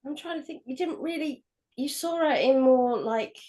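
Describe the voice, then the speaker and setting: A woman's voice: sits high, normal speed, mellow. A woman from England co-hosting a film podcast in casual chat, emphatic and jokey, swearing freely. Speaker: podcast co-host.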